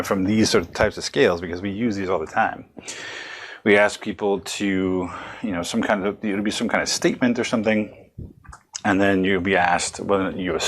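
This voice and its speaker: Low-voiced rambling male lecturer. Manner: rambling, self-correcting, conversational. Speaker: psychology lecturer. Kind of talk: recorded lecture.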